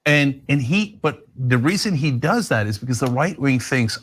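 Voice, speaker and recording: Male co-host, animated and sarcastic, wide pitch range. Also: normal speed, few pauses, slightly rough. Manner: animated, sarcastic, laughs while talking. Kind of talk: casual political commentary.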